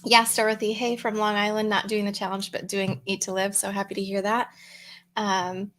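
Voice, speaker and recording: A woman hosting a live coaching challenge, greeting viewers by name in a relaxed, upbeat casual chat. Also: medium pitch, normal speed. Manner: relaxed, chewing mints between words. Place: home room with a fan, livestream.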